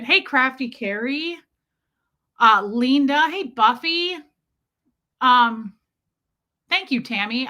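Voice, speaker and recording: A chatty, joking American woman in her forties greets viewers on her live stream. Her voice is bright and sits a little high. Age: 40s. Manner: chatty, sarcastic, jokey. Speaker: livestream host. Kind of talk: casual live-stream chat reading viewer comments.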